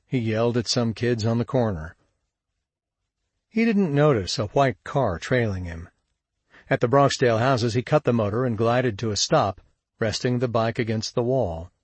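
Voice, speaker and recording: A man narrating a crime story in a steady, measured audiobook read. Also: mid-range voice, slightly rough, no echo. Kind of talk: scripted narration.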